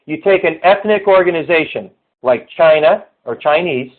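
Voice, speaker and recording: A man with a fairly high voice coaches viewers in network marketing, urging them over and over to think big and get going. He walks through a screen-share tutorial in a pep-talk style. The sound is thin and tinny, like it came over a phone line. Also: animated, moderate pace.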